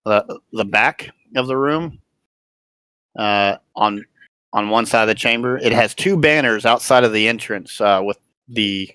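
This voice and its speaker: A man running a tabletop game as dungeon master, describing scenes in a halting way with many restarts. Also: fairly low pitch, sharp tone, smooth, no room sound.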